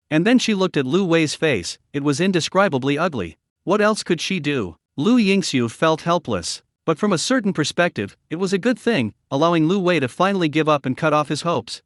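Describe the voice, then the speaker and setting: A man's voice: a little high, dry recording, clean studio sound. A man narrating a recap of a comic story in a dramatic storytelling manner.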